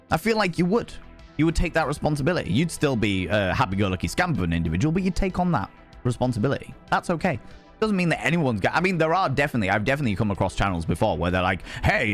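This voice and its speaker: Rambling, cheerfully sweary male streamer. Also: medium pitch. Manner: swears freely, rambling and animated. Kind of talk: casual live-stream chat.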